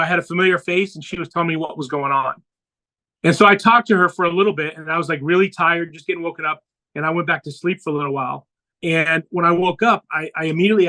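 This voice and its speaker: Guy on a podcast telling his story, kinda high bright voice, acts out what people said to him. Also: poor audio. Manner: earnest storytelling, acts out quoted dialogue. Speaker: podcast guest.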